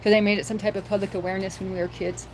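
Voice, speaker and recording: A woman's voice: medium pitch, level tone, very fast, a little hiss or hum. A woman hosting a casual livestream, chatting and rambling to viewers and laughing often, recorded on a handheld phone. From rural area near Boise, Idaho. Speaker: livestream host.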